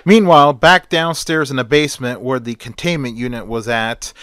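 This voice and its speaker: Smooth-voiced man telling a fan story. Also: mid-range voice, moderate pace, fairly bright tone, no room sound, studio quality. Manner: plain, repetitive "and then" storytelling. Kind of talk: amateur fan-story narration.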